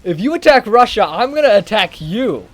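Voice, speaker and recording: Brief: high, shrill, jumpy nation, quick to threaten, voiced by a man. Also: sing-song. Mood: indignant. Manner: shrill, exclaiming. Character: jumpy, indignant nation warning a rival.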